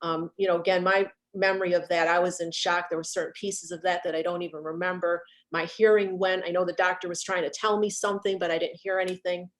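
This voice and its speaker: Guest, middle-aged woman, slightly low voice, earnest and halting, on a video call. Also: level tone. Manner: earnest, halting, repeats herself when recalling. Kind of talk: heartfelt conversation about grief.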